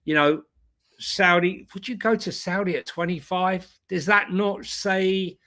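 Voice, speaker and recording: Co-host, male, bright and forceful tone, chatty, laughs easily. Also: high-pitched, steady tone, measured pace. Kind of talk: casual football chat.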